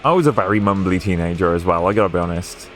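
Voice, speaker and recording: A man with a softened Welsh accent, chatting casually and rambling while he streams a racing game. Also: sits low, quick pace, faint music behind. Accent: Welsh, Newport area, softened toward English. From Wales. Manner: rambling and chatty, with frequent fillers and restarts.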